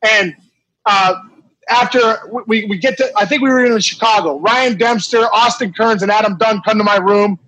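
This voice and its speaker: Middle-aged man, former ballplayer, high-pitched, casual animated storytelling, dry sound. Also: moderate pace, no room sound, low-quality recording. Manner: animated, laughing anecdote teller with many restarts.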